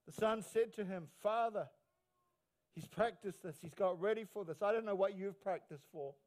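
Emphatic New Zealand pastor, high voice. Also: male voice. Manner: emotional, emphatic, repeats phrases. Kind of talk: sermon.

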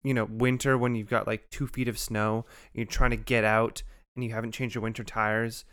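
A man's voice: on the low side, flat delivery, brisk, a bit bright, clear, resonant tone. A man co-hosting a podcast in casual chat, reacting with emphatic exclamations and casual swearing. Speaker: podcast co-host.

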